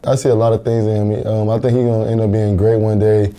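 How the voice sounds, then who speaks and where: Earnest young man, flat dark voice. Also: fairly low pitch, fast talker. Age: young adult. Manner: earnest, plain-spoken, repeats words as he thinks. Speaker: college football linebacker. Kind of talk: TV interview answers.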